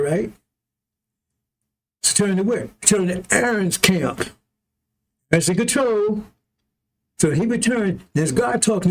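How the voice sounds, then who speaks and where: A man's voice: on the high side, darkish tone, slightly rough. A man giving a loose, rambling sermon to his followers, blunt and often laughing as he reads scripture. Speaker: preacher.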